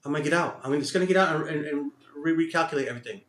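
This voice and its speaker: Man, Texan accent, self-berating trading commentary, swearing, bright edgy voice, roomy echo. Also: rapid-fire. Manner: frustrated, swearing at himself, swings from loud outbursts to low muttering. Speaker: day trader streaming live. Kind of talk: live trading commentary to himself. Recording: echoey room sound.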